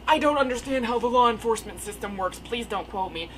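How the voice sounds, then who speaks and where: A young woman telling a rambling, animated story in casual storytime style from her attic room. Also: fairly high pitch, quick pace, slight background noise, poor audio. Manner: rambling, animated, filler-heavy. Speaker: storyteller vlogger. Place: attic bedroom. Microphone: camera mic.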